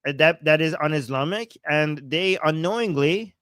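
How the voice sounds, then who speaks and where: A man from Iran, hosting a live-streamed political commentary, reading chat aloud with a sarcastic, animated manner and frequent laughs. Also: a little high, normal speed, smooth, no echo. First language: Persian. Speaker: political commentator and livestream host.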